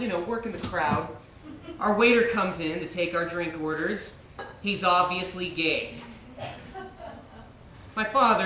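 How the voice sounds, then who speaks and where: A man's voice: on the high side, background noise, natural voice. An actor in his thirties playing a frustrated, hurt gay man on stage, speaking with tense agitation. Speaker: visitor. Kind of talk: stage play acting. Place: theater stage. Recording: echoey stage, from far off, faint ambience.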